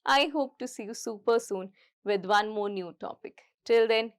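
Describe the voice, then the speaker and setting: A woman's voice: fairly high pitch, normal speed. A young woman teaching a grammar lesson, explaining each point step by step and repeating it. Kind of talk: recorded English grammar lesson.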